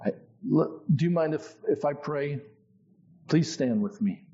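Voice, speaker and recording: A man telling his own testimony in a sermon, in a conversational, animated storytelling way. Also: a little high, unhurried, muffled recording. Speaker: preacher.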